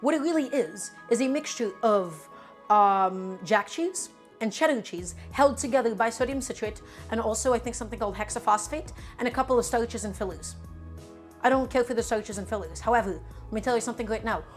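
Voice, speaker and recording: A woman streaming herself cooking, chatty and emphatic as she talks to her viewers like friends. Her voice sits a little on the high side, with soft music playing quietly underneath. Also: a little fast. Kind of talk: casual live cooking stream chat.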